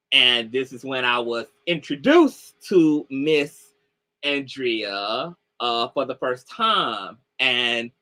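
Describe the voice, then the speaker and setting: With a bright, forceful, medium-pitched voice, a male online commentator recounts a story on a livestream call. He talks loosely and chattily, leaning heavily on "like" and "y'all."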